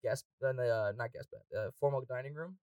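A young man telling a party story in casual chat, profane and quick, laughing often and acting out quotes. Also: mid-range voice, darkish tone, no echo, recorded from a distance.

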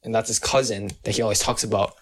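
A man's voice: fairly low pitch, fairly even intonation, fast talker, a bit bright. A teenage boy chatting casually with a friend, telling a loose, rambling story. He talks in slang and swears freely, with restarts and fillers throughout. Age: teens. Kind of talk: casual chat.

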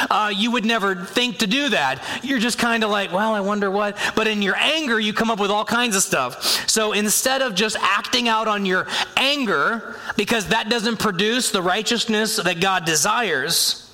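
A man preaching a sermon as a pastor, talking in a conversational, animated way and acting out inner voices. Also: sits high. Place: church sanctuary. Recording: long hall reverb.

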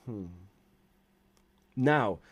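Man, chef guest on a podcast, spins a profane story with plenty of life, clear dry sound. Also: medium pitch, extremely slow, no room sound. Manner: profane, animated storyteller acting out quotes. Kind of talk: casual storytelling in an interview.

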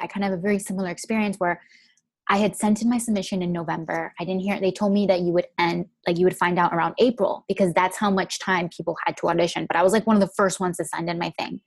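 A woman's voice: fairly low pitch, dry recording. A young woman telling a personal story in a chatty way, filling her speech with "like". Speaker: guest.

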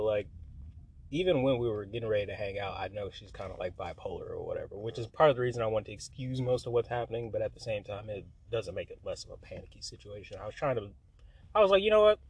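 A man with a husky, slightly breathy voice tells a chaotic story in casual chat. He swears freely and breaks into laughter, and his voice shoots high when he gets excited. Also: quick pace.

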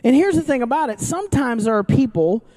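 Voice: high voice, lively intonation, fast talker, mellow. A pastor preaching to a live congregation in a casual, joking style, often restarting sentences and asking the crowd questions. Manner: conversational and joking, with frequent restarts; asks the audience questions. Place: church service before an audience, also streamed online.

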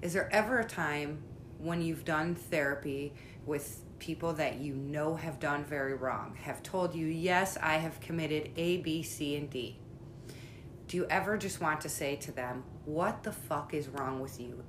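A woman's voice: deep voice, measured pace, background noise. A woman interviewing her sister in a casual conversation, asking probing questions in a blunt, outspoken way.

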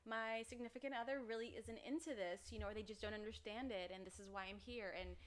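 A woman's voice: fairly high pitch, quick pace, a little hiss or hum. A young woman, a podcast guest, telling candid stories in a casual chat. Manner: candid storytelling, frequent laughs. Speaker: podcast guest, former dominatrix.

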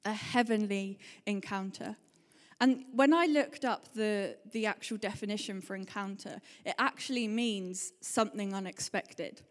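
A woman giving a chatty, animated sermon and telling stories in quick bursts. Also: mid-range voice. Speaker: preacher. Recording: hall reverb.

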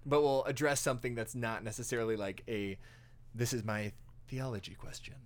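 A man's voice: medium pitch, fairly even intonation, brisk. A man hosting a podcast in a studio, chatting casually and joking around with his friend. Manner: playful, laughs often, jokey. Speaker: podcast host. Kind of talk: casual chat.

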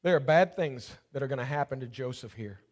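A man's voice: medium pitch, brisk. A man preaching a sermon, telling a personal story and building to fervent preaching. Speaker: pastor.

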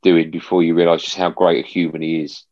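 A low-pitched man chats as a podcast guest, animated and emphatic, often repeating himself for effect. His voice is recorded close and dry, with a dull, slightly muffled tone. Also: quick pace, dry recording. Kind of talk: casual storytelling chat.

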